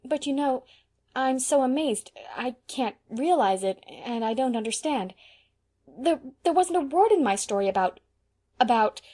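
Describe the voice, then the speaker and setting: A woman's voice: high-pitched, expressive, measured pace, mellow, pitched above the performer's own voice. A woman reading an audiobook, voicing a sensitive, imaginative young woman who speaks with emotional, imploring intensity. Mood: flustered. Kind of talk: audiobook character voice.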